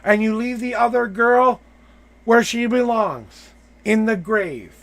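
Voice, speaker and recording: A man's voice: high voice, slow pace, creaky, a bit bright. A man hosting a live tarot reading, coaching the person he reads for with emphatic, repeated affirmations.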